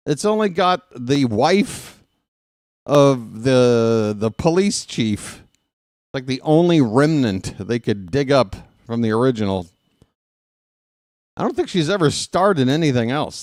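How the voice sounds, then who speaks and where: A man's voice: medium pitch, expressive, a little slow, a little mellow, no room sound, studio quality. A man hosting a casual live baseball stream, rambling and joking with his chat. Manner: rambling, self-mocking, jokey asides.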